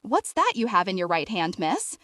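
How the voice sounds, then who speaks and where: A woman's voice: mid-range voice, very animated, normal speed, a bit bright, no echo. A woman voicing a polite, puzzled male police officer asking questions. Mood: questioning.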